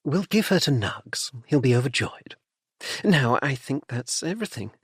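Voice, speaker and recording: A man's voice: mid-range voice, big pitch swings, normal speed, fairly bright tone, slightly rough, no room sound, clean studio sound. A man doing a poised, tart duchess. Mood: composed. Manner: polite, composed, a little tart. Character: poised duchess, middle-aged, tart and tactful.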